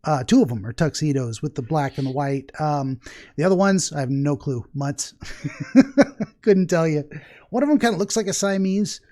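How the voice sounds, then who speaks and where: Male podcast host, slightly high voice, rambling and chatty, laughs a lot. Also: lively intonation, normal speed, warm tone. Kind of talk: casual interview chat.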